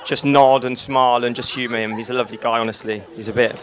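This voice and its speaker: A man's voice: medium pitch, steady tone, fast, fairly bright tone, a faint crowd. A young man from England giving a teasing wedding speech as the groom, laughing at his own jokes.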